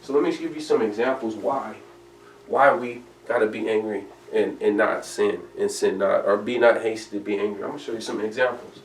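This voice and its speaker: A man's voice: on the low side, slight background noise. A man preaching a sermon in an emphatic, conversational way, reading scripture aloud. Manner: emphatic, conversational preaching, reads King James verses aloud. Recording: echoey room from a distance.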